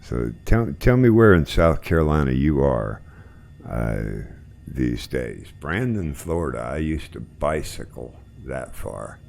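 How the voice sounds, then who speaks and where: A man's voice: a bass voice, very animated, a little slow, vocal fry, darkish tone. A man hosting a casual live stream, chatting while distracted and reading out chat. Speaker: stream host flying a helicopter simulator.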